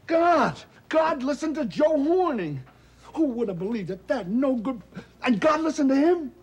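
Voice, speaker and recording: An actor playing a loud, wisecracking, self-pitying middle-aged talent agent in a 1970s television drama. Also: male voice, very high-pitched, big pitch swings, unhurried, heavily acted. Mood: aggrieved. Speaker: theatrical agent.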